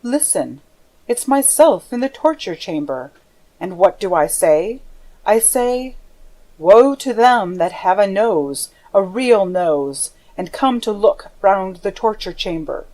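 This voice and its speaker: In an audiobook reading, a lonely masked man, read by a woman, rambles and coaxes, his voice sitting in an even middle register. He drifts from weary complaint to sly, menacing taunts. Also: medium pitch, slow. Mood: taunting.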